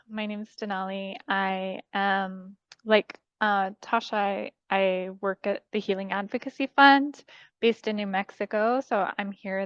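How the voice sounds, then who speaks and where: A woman introducing herself on a video call in an earnest, slightly halting way. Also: mid-range voice, clean tone, no room sound. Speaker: director of strategic support. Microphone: computer mic on a video call. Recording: dry, lo-fi call audio.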